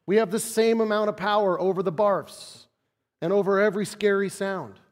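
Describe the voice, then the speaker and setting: Conversational male pastor in a reverberant hall. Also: normal speed. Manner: conversational, drops to soft low tones for emphasis. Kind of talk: sermon.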